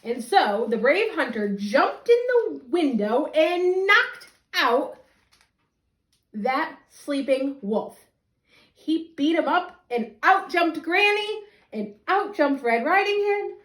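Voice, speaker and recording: A woman teacher reading a children's story aloud, expressive and animated. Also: sits high, slow pace. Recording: roomy echo.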